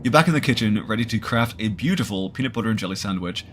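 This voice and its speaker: A man's voice: lowish voice, lively intonation, fast, background noise. A man streaming a horror visual novel, reading the narration aloud and adding jokey asides.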